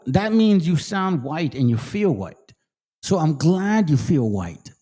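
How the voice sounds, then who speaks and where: A man's voice: fairly high pitch, very animated, measured pace, darkish tone. A man hosting his own channel, ranting heatedly to viewers, swearing often and dropping into Spanish slang. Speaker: channel host. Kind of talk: profane casual rant to viewers.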